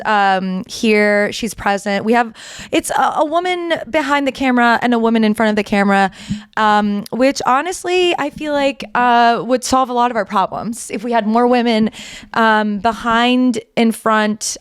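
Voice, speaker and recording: A woman's voice: on the high side, smooth, no room sound, clean studio sound. A woman hosting a podcast, chatting casually to camera in a rambling, self-interrupting, wry and exasperated way. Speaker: podcast host. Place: indoors, under a blanket.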